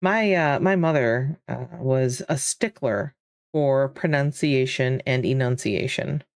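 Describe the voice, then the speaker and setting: A woman's voice: very deep voice, takes it slowly, no echo. A woman with a Michigan accent hosting a casual live game stream, rambling and answering chat as she plays. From Michigan, USA.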